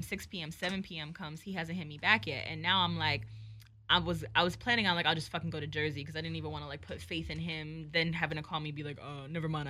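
Young woman talking fast and animated, swears a lot, bright edgy tone, plays both people in the fight. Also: low-pitched, a little hiss or hum. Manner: animated, profane storytelling with quoted dialogue. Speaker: storyteller. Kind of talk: casual chat.

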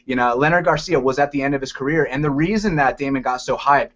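A man co-hosting a casual fight-picks chat, talking with energetic, playful emphasis. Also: medium pitch, fast. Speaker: MMA podcast co-host. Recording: lo-fi muffled audio.

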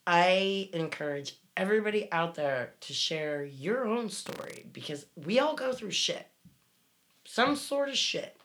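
A woman's voice: on the low side, expressive, measured pace, a bit bright. A woman co-hosting a casual podcast, reading listener messages and talking frankly, swearing freely. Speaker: podcast co-host.

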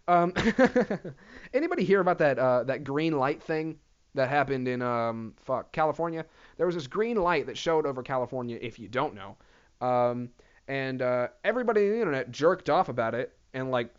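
A man hosts a solo comedy podcast in a smooth, medium-pitched voice, rambling and swearing freely. He sounds animated, and the recording has a dull lo-fi quality.

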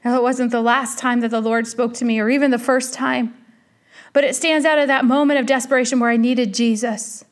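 High-voiced woman preaching a sermon. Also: fairly even intonation, brisk. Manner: earnest, repetitive, addresses listener as friend.

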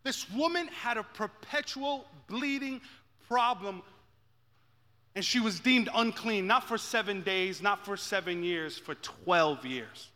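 A man preaching a sermon as pastor, moving from quiet intensity to shouted peaks and repeating his phrases. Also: sits high, lively intonation, takes it slowly, big-room sound.

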